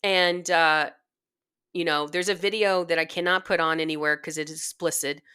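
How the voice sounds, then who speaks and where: A woman's voice: sits low, steady tone, normal speed, sharp tone, clear, resonant tone. A woman, a band director guest on a podcast, telling self-deprecating stories in a chatty way. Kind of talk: casual storytelling.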